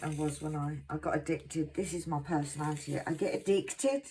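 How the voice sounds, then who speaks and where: A middle-aged woman from England chatting casually to her viewers at home, self-mocking and quick to laugh. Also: low-pitched, dark tone. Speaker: craft vlogger.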